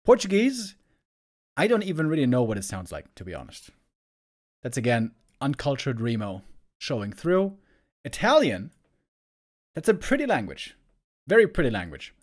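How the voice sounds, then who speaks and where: The speaker is a German esports caster with an American-tinged English accent, chatting casually with stream viewers. His medium-pitched voice swings hugely in pitch at a moderate pace, and he pauses often, rambling and repeating words as he looks for them.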